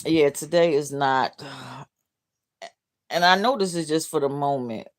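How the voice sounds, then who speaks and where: A middle-aged woman hosting a livestream talks a little slowly in a low voice. Heartbroken and downcast, she bluntly reads out comments, with swearing and some laughs.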